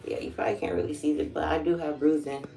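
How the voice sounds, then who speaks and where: A woman's voice: low voice, sing-song, fast, vocal fry, warm tone, a little hiss or hum. A woman telling a candid, rambling storytime while taking a bath, swearing freely and acting out what people said. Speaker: vlogger. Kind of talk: casual storytime vlog. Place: bathroom, during a bath. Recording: echoey bathroom, mic at a distance.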